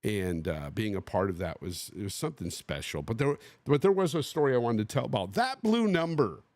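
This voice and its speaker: Speaking fairly quickly in a fairly low voice, this Bay Area, USA man hosts a podcast and shares a laid-back story. He brings it to life by performing other people's lines, and the recording has no room sound.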